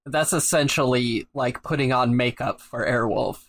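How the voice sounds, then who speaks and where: A man's voice: medium pitch, moderate pace, fairly bright tone, no echo. A man co-hosting a podcast in casual chat, wry and sarcastic, laughing often. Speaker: podcast co-host.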